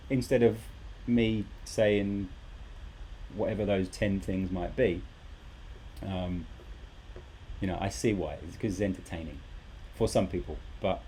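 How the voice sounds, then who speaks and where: A man's voice: on the low side, warm tone, a little hiss or hum. A man teaching a live English lesson, talking animatedly and repeating rhetorical questions to his students.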